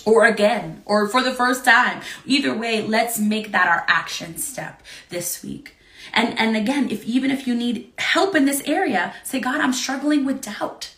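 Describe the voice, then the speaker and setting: A woman's voice: fairly high pitch, lively intonation, unhurried, fairly bright tone, reverberant. A young woman giving an earnest, encouraging devotional talk to an online audience, laughing often between points. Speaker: preacher.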